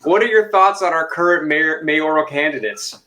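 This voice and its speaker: A man from New York co-hosting a podcast, chatting casually and joking, slipping into quick comic voices. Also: fairly high pitch, pushed and bright, a little hiss or hum. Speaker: podcast co-host. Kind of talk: casual chat.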